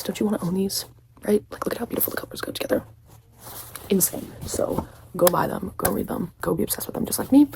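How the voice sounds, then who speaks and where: A woman's voice: on the low side, vocal fry. A young woman reviewing books in a casual vlog, gushing, full of fillers, often dropping to a whisper. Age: young adult. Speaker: book reviewer.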